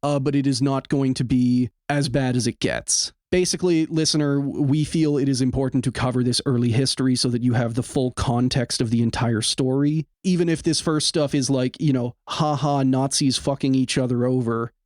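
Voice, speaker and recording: A man hosts a podcast in casual chat, blunt and rambling and swearing freely. His mid-range voice is a little mellow and a little fast, in studio-quality audio with no room sound.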